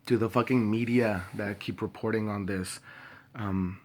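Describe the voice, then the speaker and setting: A young man speaking straight to camera in a personal video, grieving and angry, impassioned and halting with many pauses, swearing openly. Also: on the low side, steady tone, darkish tone, a little hiss or hum. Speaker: vlogger.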